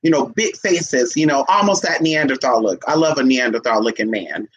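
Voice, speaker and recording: A woman's voice: rumbling low, moderate pace, slightly rough, lo-fi sound. A woman telling stories in a casual monologue, sassy and brash, calling her listeners honey and slipping into other people's voices. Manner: animated, jumps into quoted voices. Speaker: vlogger.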